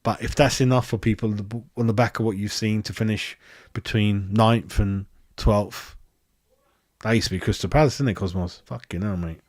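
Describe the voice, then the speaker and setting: Sweary, excitable football fan man. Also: on the low side, normal speed, dry recording, clean studio sound. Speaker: fan channel host. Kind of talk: football match review chat. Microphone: handheld microphone.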